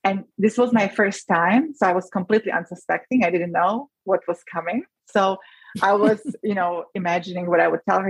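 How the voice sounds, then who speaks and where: A woman physician talks with earnest emotion in a podcast interview, often restarting her sentences. Her voice sits a little low and has a husky edge. The sound is dry and close. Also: fairly even intonation, a little fast, dry recording, rough recording. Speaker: physician guest.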